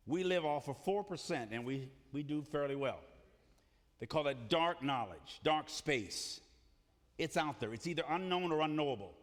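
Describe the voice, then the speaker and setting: A man's voice: a little high, expressive, moderate pace. A man preaching a sermon in a church, emphatic and calling on the congregation to repeat his phrases. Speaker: pastor. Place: church sanctuary. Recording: reverberant church hall.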